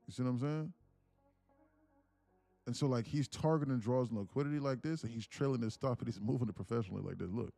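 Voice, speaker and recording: A man's voice: medium pitch, gravelly, dark tone, no room sound. A man in the middle of his range talks loosely over a live market, dropping slang and coaching his viewers as price moves. The sound is dry and close, with no room around it. Faint music plays underneath. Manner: loose slangy talk, sings and laughs between chart calls. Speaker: livestream trading mentor. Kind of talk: casual livestream commentary.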